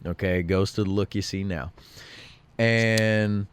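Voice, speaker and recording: In a radio studio, a male co-host chats casually and slowly, telling meandering stories in which he voices what others said, with some throat clearing. His pitch is fairly low and his intonation fairly even, with slight background noise.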